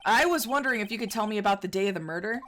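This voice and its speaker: A woman's voice: medium pitch, expressive, rapid-fire, fairly bright tone, soft background music, natural voice. A woman voicing a polite, flustered young male lawyer, reading game dialogue with stammers and hesitations.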